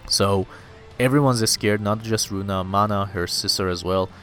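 A man's voice: fairly low pitch, normal speed, fairly bright tone, soft background music. A man casually recapping a manga chapter, loose and rambling, full of fillers and "dude".

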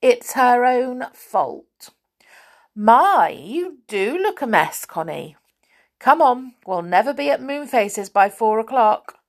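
Storybook boy, young, bossy and cheerful, lively tone; woman narrator voicing. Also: fairly high pitch, slow pace, voice pushed up, full character voice. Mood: blunt.

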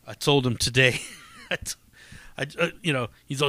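A man's voice: medium pitch, moderate pace, long pauses, pushed and bright, no room sound. A man hosting a podcast, telling stories in a profane, rambling, casual monologue with frequent laughs. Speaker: podcast host and comedy show runner.

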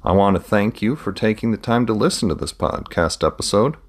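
An author reads his own novel aloud for a podcast, calm and steady throughout. His voice is very low and deep, and the reading stays plain and even. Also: brisk. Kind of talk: audiobook narration.

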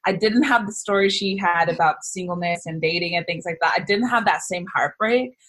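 A woman chatting as a podcast guest, talking in a gushing, rambling way. Her voice sits a little low and has a husky edge. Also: fairly quick, fairly bright tone. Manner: gushing, chatty, with frequent laughs and fillers. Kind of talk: casual podcast conversation.

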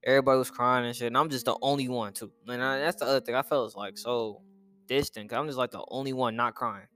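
A man's voice: medium pitch, fairly even intonation. Young man telling a somber story. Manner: rambling, halting restarts, heavy slang and swearing; subdued and somber, often trailing off quietly. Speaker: vlogger telling a personal story. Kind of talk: casual storytelling monologue.

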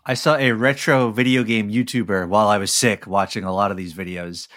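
Lower-voiced man, hesitant podcast chat. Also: fairly even intonation, a little fast. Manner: hesitant, trails off quietly. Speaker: podcast co-host. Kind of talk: casual chat.

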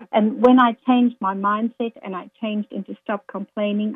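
A woman's voice: mid-range voice, fairly even intonation, normal speed, hardly any pauses, dry recording. Earnest woman guest over a tinny line. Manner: earnest, quotes scripture, motivational. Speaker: guest speaker. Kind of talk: faith-based interview answers.

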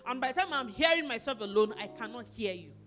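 Woman pastor, lively preacher, acts out arguments, soft music underneath. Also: fairly high pitch, quick pace. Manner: animated, acts out quarrels and asks the congregation questions. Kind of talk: sermon.

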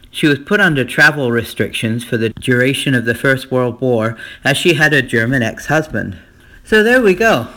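A man's voice: mid-range voice, fairly bright tone. A man hosting a comic podcast, telling jokes and chuckling at his own punchlines. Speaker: podcast host.

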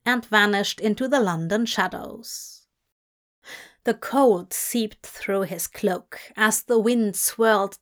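Woman reading fanfic aloud, slow and measured, mid pitch. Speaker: fanfic audiobook reader. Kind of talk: scripted narration.

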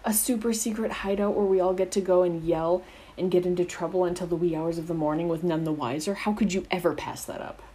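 A woman's voice: sits low, expressive, fairly quick, few pauses, dark tone, poor audio. Woman reading a showy, mischievous teen boy, all grins and dares. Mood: teasing. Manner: teasing, theatrical. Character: swaggering mischievous teenage boy wizard.

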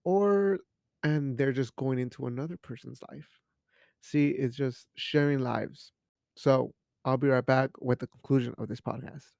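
A man hosting a solo podcast in a casual style rambles and jokes, swears a lot, uses Spanish phrases, and sips beer while talking. His voice is medium-pitched, gravelly, and darkish, and he speaks unhurriedly. The recording is dry and studio-clean.

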